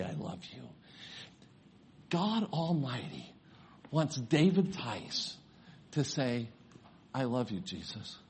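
A man's voice: mid-range voice, darkish tone, a little hiss or hum. An older man, a grandfather and pastor, preaching a sermon, telling a personal story and rising to fervent preaching.

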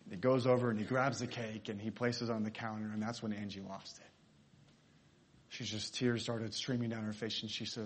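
A man's voice: fairly low pitch, steady tone, brisk, a little hiss or hum. A man preaching, telling a story in a sermon and acting out the characters' lines.

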